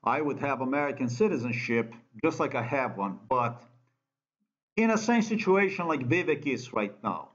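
A man's voice: mid-range voice, expressive, moderate pace. Ranting Slovenian-accented man, lo-fi. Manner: ranting, profane, repetitive non-native phrasing. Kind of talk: angry monologue. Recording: dull lo-fi sound.

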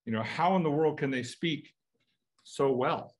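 A man's voice: a little high, a little slow. An American man teaching a Bible study in a conversational way, asking his listeners rhetorical questions. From United States.

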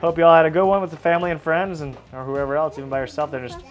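A man's voice: fairly high pitch, racing, soft background music. A man hosting a casual home cooking vlog, chatting easily and explaining each step as he cooks. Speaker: family fishing channel host. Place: home kitchen.

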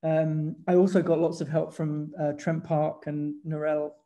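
An English man, a guest photographer in a casual conversation, chatting in an animated, storytelling way and laughing as he goes. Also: on the high side, normal speed. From England.

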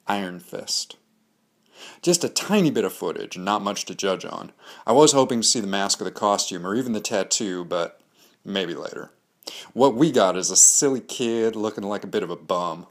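A man's voice: lowish voice, lively intonation, moderate pace. A man hosting a comics analysis show, giving candid, opinionated reviews in a scripted monologue with dry jokes. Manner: candid, opinionated, dryly joking.

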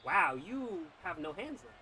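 A young man with a high-pitched voice commentates on his own football video game for YouTube at a measured pace. He's excitable, muttering his play calls and then bursting out loudly in frustration.

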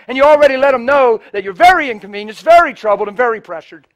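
A middle-aged man preaching a sermon, telling stories with loud emphasis and soft hushed passages. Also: very high-pitched, rapid-fire. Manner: animated, shifts between loud emphasis and soft hushed storytelling. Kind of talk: sermon with storytelling.

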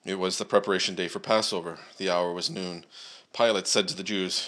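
A man preaching at a church service, praying and then reading scripture aloud in a measured way, with frequent "uh" and "um" fillers. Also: low-pitched, fairly even intonation, a bit bright.

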